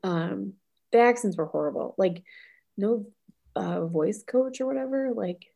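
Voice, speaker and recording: A woman's voice: mid-range voice, measured pace, gravelly, warm tone. A chatty woman co-hosting a podcast, easygoing and casual. She laughs often and acts out her own reactions as she talks. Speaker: podcast co-host. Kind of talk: casual chat.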